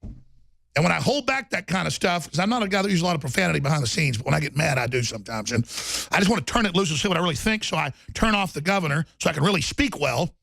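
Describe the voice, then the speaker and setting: Ranting gravelly man, high-pitched. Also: animated, quick pace, no echo. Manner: ranting, often shouting, repetitive lists. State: angry. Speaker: political talk show host. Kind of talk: angry political monologue.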